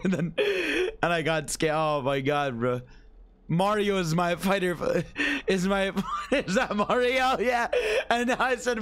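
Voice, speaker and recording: Loud swearing young man streaming a game. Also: sits high, animated, measured pace. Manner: loud, swearing, screaming and laughing at jump scares. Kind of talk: live gameplay commentary.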